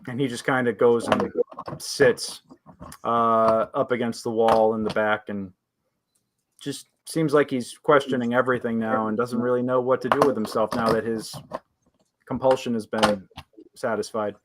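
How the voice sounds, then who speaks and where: Guy running a tabletop game, lots of uhs and ums, normal pitch, little hiss in the back. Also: steady tone, normal speed. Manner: hesitant, many fillers. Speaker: game master.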